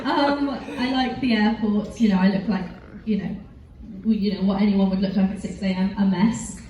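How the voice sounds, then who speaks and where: A woman's voice: medium pitch, measured pace, long pauses. A woman answering fan questions at a convention panel, telling rambling stories full of fillers and giggles. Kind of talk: casual convention Q&A. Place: large convention hall. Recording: echoey hall, voice from far off, background noise.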